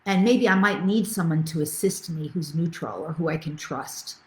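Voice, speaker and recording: A woman's voice: low voice, normal speed, echoey room. A middle-aged woman spiritual coach teaching a live webinar, enthusiastic and reading out viewer comments as she goes.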